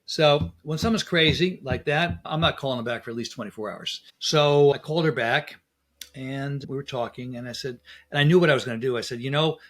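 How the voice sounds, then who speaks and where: A man, a dentist guest in a casual interview, telling lively anecdotes and acting out dialogue. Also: mid-range voice, a little fast.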